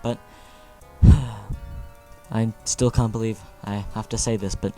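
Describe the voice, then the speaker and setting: A young man giving casual, animated commentary over his own gameplay, joking with exaggerated dismay. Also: on the low side, takes it slowly, long pauses, soft background music. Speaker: gaming video host.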